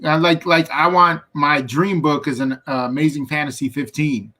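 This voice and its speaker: Middle-aged man, guest artist, somewhat high voice, relaxed storyteller, animated asides. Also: moderate pace. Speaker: guest comic book artist. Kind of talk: casual interview chat.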